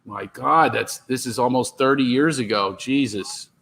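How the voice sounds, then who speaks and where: A middle-aged man telling comedy stories on a video call, animated and slipping into impressions. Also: mid-range voice, measured pace, gravelly. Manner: animated, jumps into character voices. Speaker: comedian guest. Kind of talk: storytelling with impressions.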